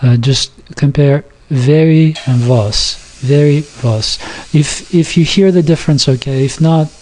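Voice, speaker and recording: A man's voice: fairly high pitch, a little slow, a little mellow, a little hiss or hum. A man giving an informal recorded lesson, reading from a textbook and explaining pronunciation with many fillers and restarts, sounding out example words carefully. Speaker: Yiddish teacher.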